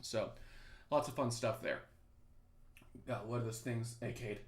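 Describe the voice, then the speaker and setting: A man's voice: mid-range voice, fairly even intonation, unhurried, reverberant. A young male teacher casually chatting with students on a review livestream, joking and reading the chat aloud. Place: his apartment.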